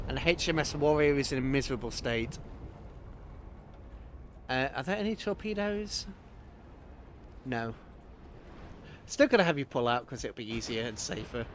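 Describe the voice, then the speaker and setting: A man's voice: medium pitch, a bit bright, a little hiss or hum. A man streaming himself playing a strategy game, chatting and reacting aloud to the battle as it unfolds. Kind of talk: live game commentary.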